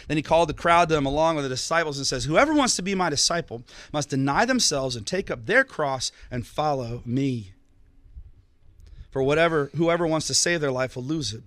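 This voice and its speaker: A man in his thirties preaching a sermon in a loose, conversational way, acting out little bits of dialogue with a grin in his voice. His tone is bright and forceful, and the recording is close and dry. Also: on the high side, no room sound. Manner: conversational, animated, acts out dialogue with jokes. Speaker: pastor.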